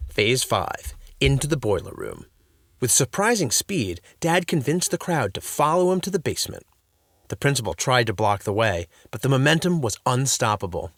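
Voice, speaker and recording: A man's voice: medium pitch, big pitch swings, moderate pace, creaky, a bit bright, no room sound. A man narrating a children's story in a playful, scripted storybook reading, in a dry close-mic recording.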